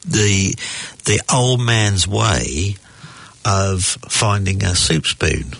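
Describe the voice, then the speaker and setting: A man in a casual debate about comedy, talking slowly and deliberately, telling jokes with voiced characters. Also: low voice, lively intonation, vocal fry, fairly bright tone, breathy edge, no echo.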